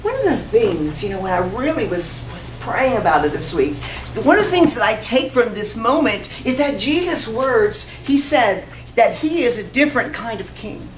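High-voiced woman preaching in an echoey hall. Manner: emphatic, repeating rhetorical questions. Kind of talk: sermon. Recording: echoey hall from far off, noisy.

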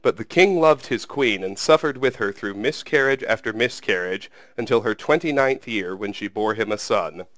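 Low-voiced man reading aloud. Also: normal speed, hardly any pauses, a bit bright, no echo. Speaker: let's play host. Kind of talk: reading a book aloud in a game.

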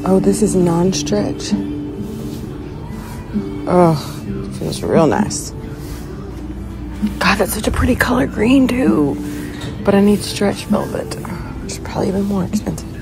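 A woman, talking casually and excitedly to her phone camera as she shops in a fabric store. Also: medium pitch, normal speed. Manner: chatty, excitable, says "y'all" and "freaking". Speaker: vlogger. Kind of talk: casual vlog narration. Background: background music.

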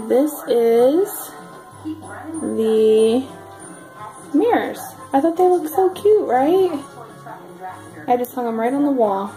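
A young vlogger with a mid-range, darkish voice chats casually at home, giggly and full of fillers. She is filmed indoors on a handheld phone camera, which serves as the microphone.

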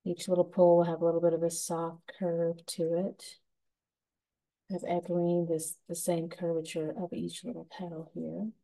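Soft-spoken woman teaching painting. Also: on the low side, completely flat delivery, vocal fry, low-quality recording. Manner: gentle, soothing, unhurried instruction. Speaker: painting instructor. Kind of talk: step-by-step painting tutorial.

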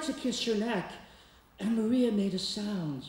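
A man's voice: high-pitched, very animated, normal speed, a crowd in the background. A man telling a comic, theatrical personal story on stage, now and then breaking into song. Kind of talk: live storytelling performance. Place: community center stage before a laughing audience. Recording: echoey hall, distant mic.

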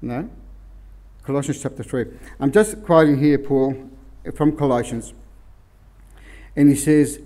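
A man's voice: mid-range voice, steady tone, slow pace, long pauses, dark tone. A man preaching an informal, rambling sermon and often restarting his sentences. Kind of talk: conversational sermon.

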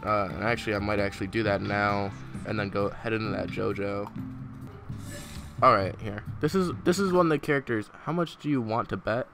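Excitable trash-talking gamer man. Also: fairly low pitch, a little fast, vocal fry, over music. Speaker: gameplay commentator. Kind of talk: casual let's-play commentary.

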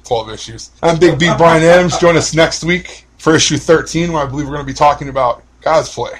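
A man's voice: a little high, a little fast. A man hosting a casual podcast, joking, laughing and swearing freely with his co-hosts. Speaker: podcast host.

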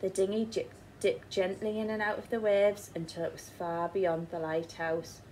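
An English woman teacher reads a picture book aloud in a clear, mid-pitched voice. She speaks to children and stops to ask them questions. Faint noise runs behind her. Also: flat delivery, normal speed, darkish tone, poor audio. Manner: asks the listening children questions. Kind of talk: storybook read-aloud.

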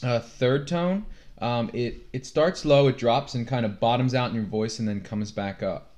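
A man teaching a Chinese lesson, slowly drilling numbers and tones with his students. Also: medium pitch, a little mellow. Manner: very slow and deliberate, modelling tones. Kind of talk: classroom lesson, drilling pronunciation.

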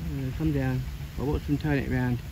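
An English man vlogging from a farm field, talking in an earnest, excitable, chatty way into a handheld camera. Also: mid-range voice, a little fast. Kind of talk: casual handheld commentary. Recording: outdoor noise of steam engines.

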